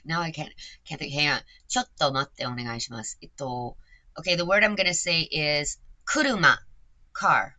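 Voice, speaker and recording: Hesitant low-voiced woman talking to a chatbot. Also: sharp tone, dry recording. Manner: hesitant, halting, sprinkles in Japanese words. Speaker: chatbot user. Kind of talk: casual chat with an AI.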